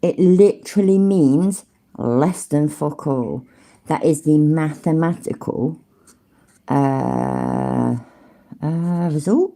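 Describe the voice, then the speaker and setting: A woman's voice: low-pitched, slow pace, vocal fry, dark tone. A British woman hosting a reaction video, commenting casually in a sweary, sarcastic way and laughing often.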